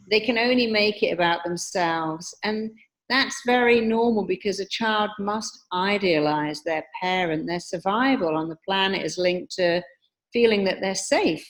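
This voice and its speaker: A woman, a hypnotherapist explaining her ideas calmly and emphatically in an interview. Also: medium pitch, normal speed. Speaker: hypnotherapist and guest speaker. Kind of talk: teaching in an interview.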